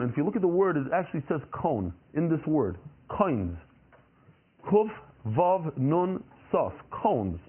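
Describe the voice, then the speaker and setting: A man giving a Talmud lesson, explaining by asking questions and answering them himself. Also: a little high. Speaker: Talmud teacher. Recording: tinny phone-like recording.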